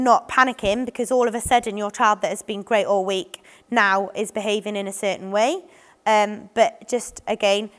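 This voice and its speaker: Brief: woman, fairly high voice, rambling trainer tone, long hall echo. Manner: chatty, many ums and restarts, acts out what children and adults say. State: voice a bit off today. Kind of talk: informal training talk.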